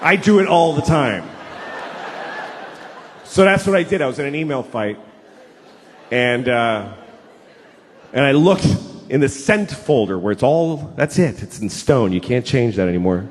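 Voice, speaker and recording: A man doing a stand-up comedy routine with an animated, profane, exasperated delivery. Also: medium pitch, measured pace, long pauses. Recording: reverberant hall, faint ambience.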